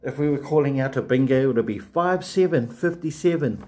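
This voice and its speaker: A man's voice: mid-range voice, lively intonation, normal speed, warm tone. A man, hosting a live stream and rambling chattily to viewers with many fillers and restarts. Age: 40s.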